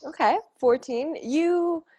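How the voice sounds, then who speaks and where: A woman's voice: high voice, slow pace, warm tone, dry recording. A woman narrating a tabletop game as game master, describing scenes in a chatty way with fillers.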